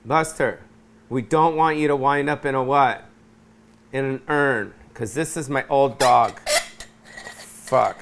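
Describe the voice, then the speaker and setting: A man's voice: medium pitch, takes it slowly, gravelly, long pauses, fairly bright tone, slight background noise. A middle-aged man hosting a solo rant from his apartment, rambling and swearing, often losing his train of thought. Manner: scattered, profane, loses his train of thought. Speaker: host.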